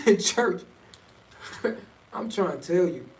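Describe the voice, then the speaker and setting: A man's voice: high voice, takes it slowly, long pauses, slight background noise. A middle-aged man telling a loose, slangy story in a rambling casual monologue. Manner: loose and rambling, slangy, jumps between topics. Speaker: vlogger. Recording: echoey, from a distance off the mic, faint ambience.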